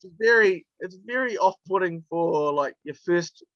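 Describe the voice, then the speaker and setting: A man's voice: high-pitched, expressive, measured pace, sharp tone, no room sound, highs cut off. A male wrestler from New telling stories in a casual interview, chatty and laughing through his anecdotes with plenty of fillers. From New Zealand.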